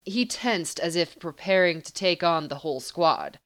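A woman reading fan fiction aloud as an audiobook narrator with steady, even storytelling. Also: sits low, normal speed, few pauses.

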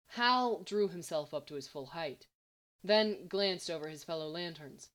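A woman's voice: fairly low pitch, unhurried, fairly bright tone. Woman reading a story aloud. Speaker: story reader. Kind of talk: read-aloud fan fiction narration.

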